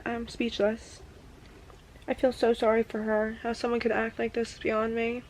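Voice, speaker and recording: A woman's voice: fairly high pitch, level tone, moderate pace, darkish tone, a little hiss or hum, poor audio. A young woman in a casual reading vlog, reacting emotionally as she goes and using "like" often, recorded in a room at home. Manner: emotional running reactions full of "like". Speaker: book vlogger.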